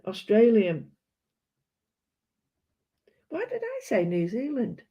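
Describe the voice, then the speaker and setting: A woman's voice: fairly high pitch, huge pitch swings, takes it slowly, long pauses, mellow, slightly rough. A British woman chatting casually and rambling while she colours, often correcting herself. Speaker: art vlogger. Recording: dull lo-fi sound.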